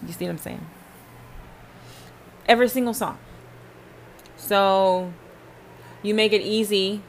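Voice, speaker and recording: Woman on her podcast, preachy and emphatic, mid-pitched voice, talks right at you. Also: slow, a little hiss or hum. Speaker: podcast host. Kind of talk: casual faith talk.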